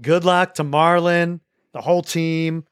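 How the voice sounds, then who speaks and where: A man's voice: fairly high pitch, measured pace, clear, resonant tone, no echo, clean studio sound. A man hosting a school sports show, chatting casually through results and often restarting his sentences. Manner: relaxed, with frequent restarts and repeated words. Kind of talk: casual sports recap chat.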